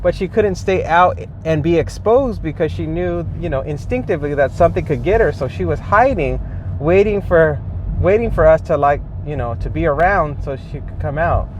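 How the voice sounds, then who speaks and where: A man's voice: a little high, animated, normal speed, darkish tone. Exasperated man talking while driving. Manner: exasperated, rambling, restarts sentences often. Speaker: delivery driver vlogger. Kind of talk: casual in-car commentary while driving. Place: inside a car while driving. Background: faint car and road noise.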